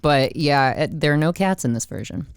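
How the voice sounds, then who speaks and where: A woman with a low voice co-hosts a casual movie podcast. She rambles through her points with quick asides. The sound is close and dry. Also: lively intonation, smooth, dry recording. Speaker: podcast co-host.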